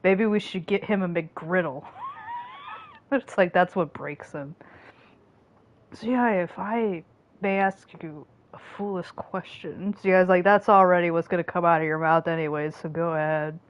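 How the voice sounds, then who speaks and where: A woman's voice: lowish voice, moderate pace, muffled recording. Joking, profane woman streamer. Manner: joking, profane, acts out characters' reactions. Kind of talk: casual gameplay commentary.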